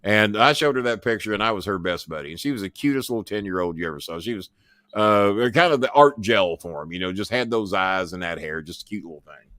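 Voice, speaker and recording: With a fairly low but fairly bright voice, a man hosts his own show, moving briskly and with lively intonation through rambling, casual stories. He boasts, swears and stammers into restarts, and the recording has no room sound.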